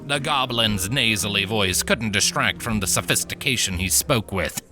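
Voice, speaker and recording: A man narrating a fantasy short story in an expressive storytelling manner, with faint music behind him. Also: fairly low pitch, moderate pace, few pauses.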